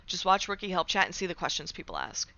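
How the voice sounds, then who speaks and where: Chatty bright-voiced woman streamer. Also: on the low side, sing-song, quick pace, gravelly, lo-fi sound. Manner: chatty, fillers like "right?", sarcastic asides. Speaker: streamer reading chat. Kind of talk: casual live-stream chat.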